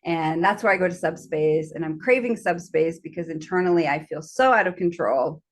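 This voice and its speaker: A woman's voice: on the low side, normal speed. A woman host telling a candid personal story, frank about sex, laughing often and acting out her own panic in quoted asides. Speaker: podcast host.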